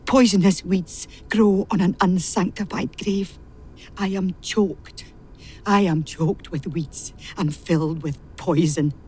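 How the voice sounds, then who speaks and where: A woman's voice: on the high side, normal speed, a little hiss or hum, natural voice. An actress playing a bitter, repressed woman who has served a family since childhood, pouring out a venomous confession in a radio play.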